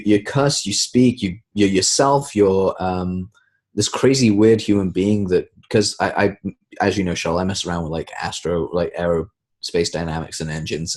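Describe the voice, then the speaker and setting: A man with a British accent that has a hard American edge, a podcast guest telling lively stories and quoting people in animated voices. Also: low-pitched, moderate pace. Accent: British with American touches. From Tanzania, raised in the UK. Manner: animated storyteller, quotes others in lively voices. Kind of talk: casual interview chat.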